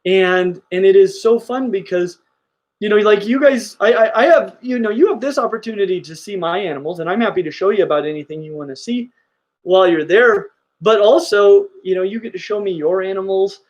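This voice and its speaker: A man's voice: high-pitched, fairly quick, lo-fi sound. A middle-aged man hosting a casual reptile livestream, gushing enthusiastically about his animals. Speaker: reptile channel host.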